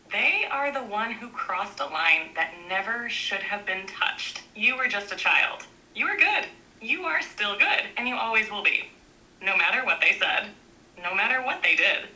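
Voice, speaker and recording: A woman narrating a book aloud in a gentle, reassuring way, speaking in short, repeated affirmations. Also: medium pitch, poor audio.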